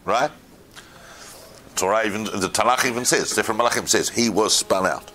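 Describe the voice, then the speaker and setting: Bright-voiced man lecturing a room. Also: lowish voice, fast talker, slight background noise. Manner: animated, asks the room questions. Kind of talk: informal class lecture.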